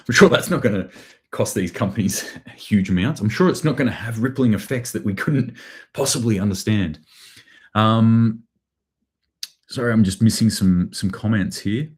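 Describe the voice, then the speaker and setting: Australian male host, deep, sardonic, rambling live commentary. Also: moderate pace. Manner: sardonic, rambling, with dry sarcasm. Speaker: prepping channel host. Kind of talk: casual live news commentary.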